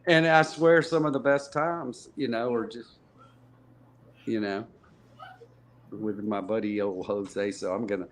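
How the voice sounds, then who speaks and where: A man's voice: on the low side, fairly even intonation, a little slow, long pauses. A man guest on a podcast, telling stories casually, rambling with lots of restarts and fillers. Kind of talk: casual storytelling in conversation.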